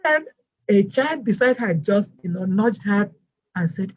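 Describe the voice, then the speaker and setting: A woman with a non-American English accent, telling her story as a guest teacher in a lively storytelling way. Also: mid-range voice, unhurried, husky, lo-fi sound. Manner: animated storyteller, acts out quoted voices. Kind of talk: storytelling interview chat.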